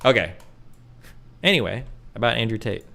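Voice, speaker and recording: A man's voice: lowish voice, lively intonation, normal speed, creaky, bright, forceful tone. A man hosting a talk stream, giving profane, heated commentary and acting out quotes in a mocking voice. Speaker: podcast host.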